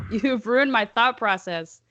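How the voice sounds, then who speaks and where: A woman's voice: on the high side, slow pace, fairly bright tone, no room sound, lo-fi sound. A young woman co-hosting a casual chat podcast, rambling and playfully sarcastic. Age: young adult. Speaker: podcast co-host.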